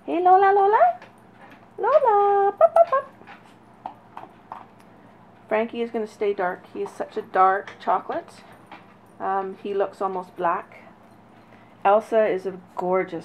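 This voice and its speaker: A woman breeder talking casually and fondly while she films her puppies, now and then calling to them in a high sing-song. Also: fairly even intonation, moderate pace. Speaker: dog breeder. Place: indoors near a puppy crate. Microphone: handheld camera. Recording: dull lo-fi audio with faint noise.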